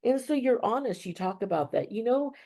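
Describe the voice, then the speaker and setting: A woman's voice: a little high, animated, a little fast, dark tone. A woman instructor giving a conversational lesson, acting out sample interview answers, with many fillers and restarts. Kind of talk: instructional talk.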